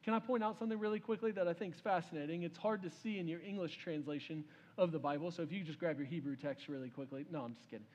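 High-voiced preacher in an echoing hall. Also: male voice, fast, a little mellow, highs cut off. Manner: storytelling preacher, voices the king's words, addresses the crowd as "y'all". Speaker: pastor. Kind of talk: sermon. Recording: long reverb of a large hall.

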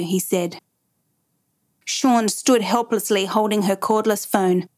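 A woman reading a dramatic true story aloud in measured, even narration. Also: medium pitch.

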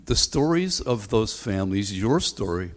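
A man's voice: fairly low pitch, sing-song, a little slow. A man preaching a sermon as a pastor, talking conversationally with frequent ums and a repeated refrain. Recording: long hall reverb.

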